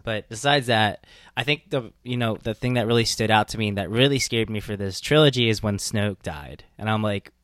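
A man co-hosting a casual podcast chat, animated fan banter with free swearing. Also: on the low side, brisk, no echo, clean studio sound. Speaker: podcast co-host.

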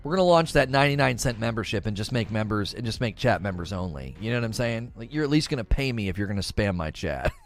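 A man's voice: on the low side, big pitch swings, quick pace, few pauses. A middle-aged man streaming, chatting casually and joking, repeating his phrases, with faint music behind. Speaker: gaming streamer. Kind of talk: casual livestream chat.

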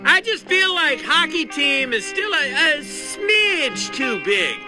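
A woman doing a fussy, high-voiced cartoon king. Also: big pitch swings, takes it slowly, bright, forceful tone, faint music behind, exaggerated voice. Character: fussy male cartoon king, vain and finicky. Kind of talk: cartoon series clip.

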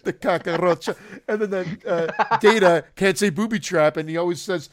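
A man's voice: sits high, normal speed, a crowd in the background. A man co-hosting a podcast in casual chat, rambling loosely and laughing between thoughts. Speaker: podcast co-host.

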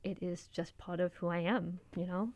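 A young woman with a mild speech impediment who tends to talk fast. She reads her own essay, then answers questions casually with fillers. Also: fairly low pitch, steady tone, darkish tone, dry recording. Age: young adult. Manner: quick-talking, with frequent fillers in conversation. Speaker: student writer and guest.

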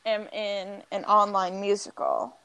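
Young woman, podcast guest, upbeat, unhurried speech. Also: mid-range voice, little pitch movement, a bit bright, clean tone, no room sound, poor audio. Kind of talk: casual chat.

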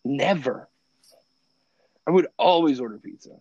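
A man who grew up in Italy talks in an easy, animated way and laughs often. His voice sits at an ordinary middle pitch. The sound is close and dry, with no room echo. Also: a little slow, husky, muffled recording. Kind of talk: casual chat.

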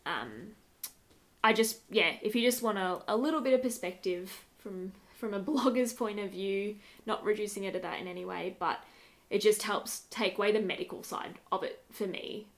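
A woman co-hosts a casual podcast chat, rambling warmly between topics. She fills her talk with ums and likes and slips into laughter. Her pitch sits in an ordinary middle range. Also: expressive, normal speed. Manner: chatty, laughing, many fillers. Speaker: podcast co-host.

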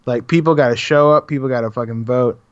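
A man's voice: mid-range voice, steady tone, quick pace, no room sound, highs cut off. Heated man, sarcastic chat. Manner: heated, sarcastic, mocks with quoted voices. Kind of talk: casual political chat.

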